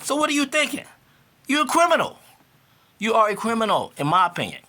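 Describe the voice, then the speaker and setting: A man's voice: very high-pitched, very animated, a little fast, bright, forceful tone. A man in his fifties talking casually to camera in a vlog, repeating himself for emphasis and rising to indignant outbursts. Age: 50s. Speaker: vlogger.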